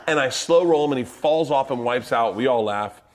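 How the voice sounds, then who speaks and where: A man's voice: medium pitch, normal speed, crowd noise. A man from Florida co-hosting a podcast, telling a story in a casual, profane way with a lot of laughing. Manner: animated, profane, laughing often. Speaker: podcast co-host.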